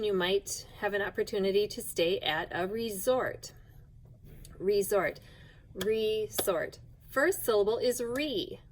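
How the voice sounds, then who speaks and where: A woman teaching a phonics lesson to young children, speaking slowly and clearly and spelling out each sound with patience. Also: medium pitch, poor audio.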